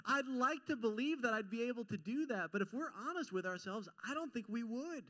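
In a church sanctuary, a male pastor delivers a chatty, lively sermon to his congregation. He acts out the quotes he uses and cracks jokes at his own expense, and his voice is high-pitched.

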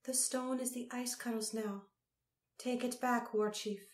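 A woman's voice: steady tone, measured pace, distant mic, lightly acted. A woman voicing an old crone leader who speaks in a cold, commanding manner, recorded in a roomy space. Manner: cold, imperious, booming. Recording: roomy echo.

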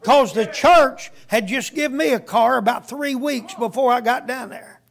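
A man's voice: very high-pitched, moderate pace, creaky. A man preaching a sermon as a guest preacher, telling a story in a folksy storytelling way.

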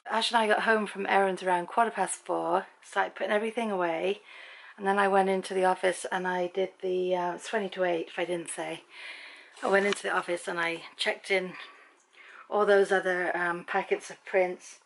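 Gravelly British woman chatting. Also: lowish voice, steady tone, moderate pace. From Britain. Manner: rambling, conversational storytelling with frequent ums. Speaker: family vlogger. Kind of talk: casual chatty vlog. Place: at home in the evening.

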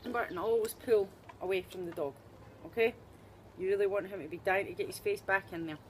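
Speaking fairly quickly in a mid-range voice, a Scottish woman with a Scottish accent leads an upbeat dog-training demonstration, chatting and cracking jokes on the side. There's slight background noise.

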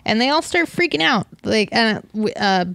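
A woman's voice: a little high, expressive, moderate pace, creaky, fairly bright tone, no echo. Blunt, profane woman podcast co-host. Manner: blunt, profane, laughs often. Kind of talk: casual film discussion.

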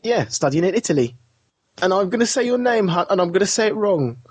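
A podcast co-host rambles through an anecdote, laughing as he goes in a casual, chatty way. His high, husky voice is expressive and quick, with no room sound.

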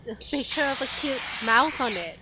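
A woman co-hosting a let's-play, excitable and quick to gasp and laugh. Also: high voice, heavy background noise. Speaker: co-host of gaming channel. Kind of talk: casual let's-play chat. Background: game music.

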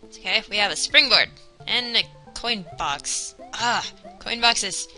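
A young woman giving casual, excitable commentary while playing a video game, talking to herself and the game. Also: mid-range voice, unhurried, low-quality recording. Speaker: let's player. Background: game music.

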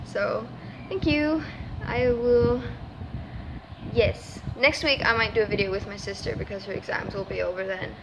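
Sleepy high-voiced woman chatting. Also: fairly even intonation, moderate pace, lo-fi sound, noisy background. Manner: chatty, apologetic, rambling. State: sleepy, just woken up. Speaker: vlogger covering songs. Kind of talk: casual chat to camera.

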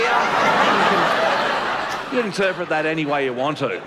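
A man doing stand-up comedy and telling a story in an animated, shouty way. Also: on the high side, moderate pace, pauses often, heavy background noise.

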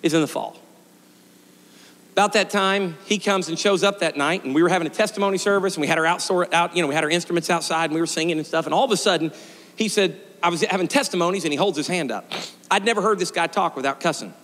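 A middle-aged male pastor preaching a storytelling sermon, swinging from shouted peaks to quiet, joking asides. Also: sits high, quick pace. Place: church sanctuary. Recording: long church reverb.

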